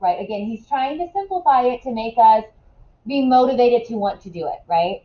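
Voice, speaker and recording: A woman teaching a classroom lesson in a casual way, asking quick questions and often checking in with "right?". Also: on the high side, animated, narrow, tinny audio.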